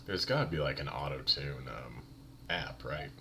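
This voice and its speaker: A man's voice: rumbling low, expressive, moderate pace, fairly bright tone, husky. A man tossing out wry, offhand jokes in casual voice-chat banter.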